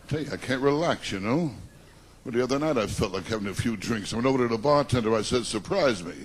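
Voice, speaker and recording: A stand-up comedian from Long Island, rattling off self-deprecating one-liners and teasing the crowd. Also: male voice, medium pitch, brisk, long pauses, slight background noise. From Long Island, New York. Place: comedy stage before a live audience. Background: audience laughter.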